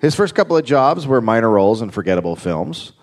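A man's voice: medium pitch, sing-song, fast talker. A man hosting a live comedy podcast, telling a story in a dry, wry way with crude asides. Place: live show on stage.

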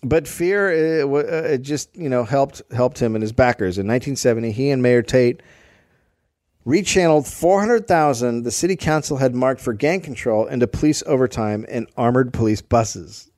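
A man co-hosting a comedic history podcast presents the story, reading from his research notes and tossing in wry asides during casual chat. His mid-range voice is a little mellow, with lively intonation and a normal speed, recorded as clean studio sound with no echo.

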